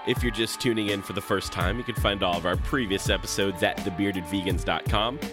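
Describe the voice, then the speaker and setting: A man co-hosting a casual podcast, a little stuffy from a cold, relaxed and chatty. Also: fairly low pitch, fairly quick, music in the background. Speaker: podcast co-host.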